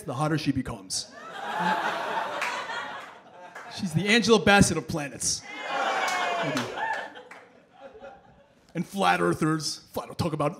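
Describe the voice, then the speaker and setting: Male stand-up comic in his thirties, lively storyteller, a bit higher-voiced. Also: noisy background. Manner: animated storytelling, acting out voices. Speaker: stand-up comedian. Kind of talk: stand-up comedy set. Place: comedy stage with laughing audience.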